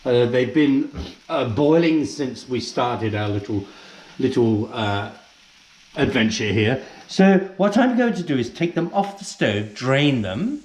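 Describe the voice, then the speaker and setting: A man's voice: mid-range voice, animated, measured pace, a little mellow, slight background noise, lightly acted. A man playing a posh housewife who hosts a comic cooking show in a home kitchen, calling everyone darling in an affected voice. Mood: posh chatty. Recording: roomy kitchen echo.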